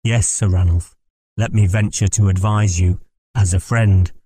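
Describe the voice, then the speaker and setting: A man's voice: deep voice, fairly even intonation, measured pace, warm tone, slight background noise. A man reading an audiobook, voicing a fussy, deferential attorney. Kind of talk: audiobook character voice.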